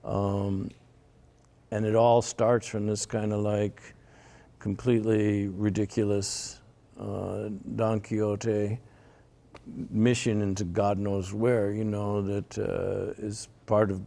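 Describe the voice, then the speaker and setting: Older man, low gravelly voice, rambling storyteller in an interview, stumbles and repeats words. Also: level tone, slow, mellow. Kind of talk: storytelling conversation.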